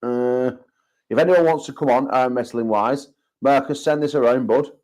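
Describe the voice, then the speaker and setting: British bloke hosting a livestream, jokey banter, repeats himself a lot, middle-pitched voice. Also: male voice, darkish tone. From United Kingdom. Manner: banter-heavy, repeats himself, quick joking asides. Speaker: arm wrestling promoter and show host. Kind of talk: casual livestream chat.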